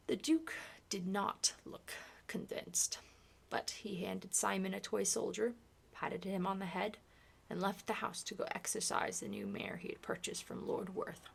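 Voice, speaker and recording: A woman reading a novel aloud in a hushed, soft-spoken ASMR style, partly whispered. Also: medium pitch, expressive, a little slow, gravelly, breathy edge. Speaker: ASMR reader.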